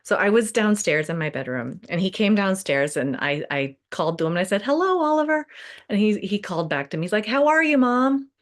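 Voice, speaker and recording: A woman's voice: fairly low pitch, expressive, fast, few pauses. A middle-aged woman hosting a casual podcast conversation, chatty and laughing often, full of fillers. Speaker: podcast host.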